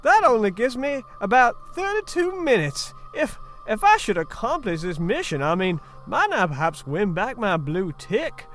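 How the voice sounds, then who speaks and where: A man's voice: sits high, sing-song, normal speed, few pauses, fairly bright tone, faint music behind, voice pushed up. A man playing an eager, folksy, old-fashioned angel-like helper in a put-on accent in a comedy sketch.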